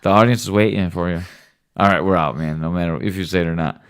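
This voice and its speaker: A man's voice: sits low, fairly even intonation, quick pace, smooth. A man talking casually as a father hosting a home podcast with his son, teasing and joking with him. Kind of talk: casual late-night chat.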